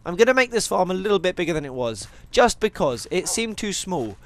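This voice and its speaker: A lively gamer whose voice sits high and moves briskly hosts a gaming channel. His Minecraft let's play commentary is rambling and jokey, full of tangents, and he talks to viewers as well as to animals in the game.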